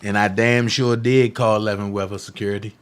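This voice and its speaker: On a political livestream, a male host delivers a heated, defiant monologue taunting his critics, repeating phrases for emphasis and lurching from loud outbursts to hushed asides. His voice sits on the low side with fairly even intonation, and he talks fairly quickly and smoothly.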